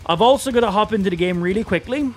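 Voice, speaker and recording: A man with a fairly high voice talks through a live game stream in a loose, chatty way. He narrates what he is doing and curses freely when frustrated. Faint music sits under his voice. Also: quick pace. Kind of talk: live gameplay stream commentary.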